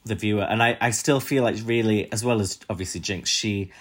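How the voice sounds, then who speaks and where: A man's voice: lowish voice, fairly quick. A man co-hosting a podcast, chatting casually with playful, wry quips. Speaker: podcast co-host. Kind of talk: casual chat.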